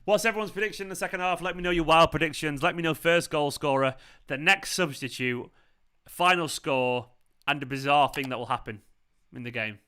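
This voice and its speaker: Mancunian male stream host, bright clear tone, loose and chatty with his viewers. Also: fairly high pitch, fairly quick. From England. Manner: chatty, rambling, reads out chat comments. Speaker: fan channel host. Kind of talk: casual live watchalong chat. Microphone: earphones with mic.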